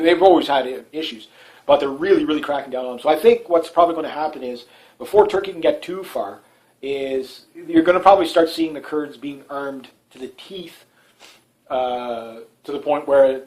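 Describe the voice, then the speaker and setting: Hosting his one-man talk show, a Canadian man gives a loose political monologue at a moderate pace over poor audio. His somewhat higher-than-average voice has a darkish tone, and he rambles, restarts sentences, fills gaps with "uh" and "you know," and often chuckles at his own remarks.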